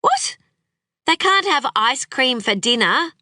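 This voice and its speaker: An exasperated young mother with a sharp tongue, read by a woman. Her words come out clipped and fed up, in a bright, close, dry voice. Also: mid-range voice, big pitch swings, unhurried, no echo, pitched above the performer's own voice, exaggerated voice.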